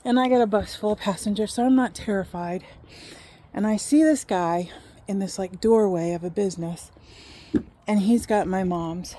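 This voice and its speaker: A woman in her fifties casually telling a personal story, animated and acting out what people said. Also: mid-range voice, a little hiss or hum. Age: 50s.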